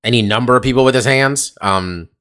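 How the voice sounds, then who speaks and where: A man's voice: mid-range voice, a little fast, fairly bright tone, clear, resonant tone. A man co-hosting a podcast, chatting casually in a rambling, profane way with lots of fillers. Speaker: podcast co-host. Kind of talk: casual chat. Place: California.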